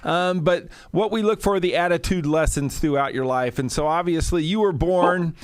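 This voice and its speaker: A man's voice: on the high side, moderate pace, clean tone, dry recording. A man hosting an interview podcast, talking casually and enthusiastically, with some filler words. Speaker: podcast host.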